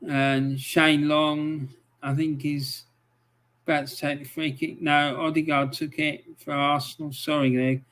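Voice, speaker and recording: A man giving live match commentary on a stream, swearing often and breaking into angry outbursts between calm play-by-play. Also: a little high, unhurried.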